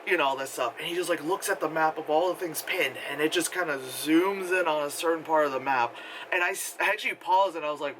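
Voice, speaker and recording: A man with a bright, forceful, fairly high voice rambles through a casual movie review, sarcastic and loose, full of fillers. He is recorded outdoors with faint wind noise. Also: poor audio.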